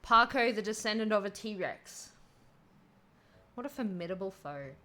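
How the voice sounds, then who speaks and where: A young woman streams a video game, reading its lines aloud and adding playful asides. Her voice sits at a middle pitch, casual and chatty. A faint hum runs under her talk. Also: expressive, unhurried, sharp tone. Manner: playful, reads game text aloud with quips. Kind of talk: casual game playthrough commentary.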